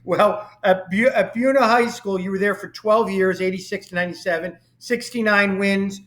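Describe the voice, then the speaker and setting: A high-voiced man hosts a sports talk interview. He runs through his guest's career numbers with eager enthusiasm. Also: steady tone, moderate pace, fairly bright tone. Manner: enthusiastic, reads off career stats. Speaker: show host. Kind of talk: interview podcast.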